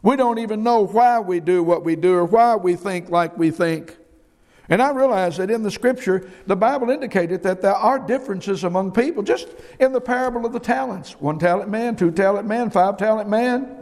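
A man's voice: sits high, moderate pace, darkish tone. A middle-aged man preaching a sermon, emphatic and folksy, often repeating his words. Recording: long hall reverb.

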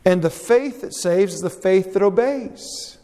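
A man's voice: high voice, animated, measured pace, mellow. A man preaching a sermon, reading scripture aloud with earnest, dramatic rises and drops in his voice. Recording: long hall reverb.

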